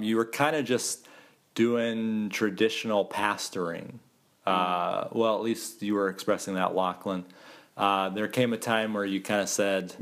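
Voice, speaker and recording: A man's voice: sits low, a bit bright. A man from the United States hosting a casual podcast interview, jokey and teasing, recorded on a phone in a small bedroom. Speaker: podcast host.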